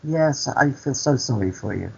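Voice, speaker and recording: A fussing, pitying woman hospital cleaner speaks in soft, sorrowful tones, as a man quotes her in a story. His voice is slightly husky. The audio is dull and lo-fi. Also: lowish voice, animated, unhurried, heavily acted.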